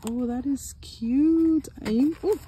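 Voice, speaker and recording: A woman chatting through an unboxing haul at home, excitable and chatty, gasping and exclaiming over each item. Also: sits high, takes it slowly, noisy background. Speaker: haul vlogger. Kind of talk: casual unboxing chat. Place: home room.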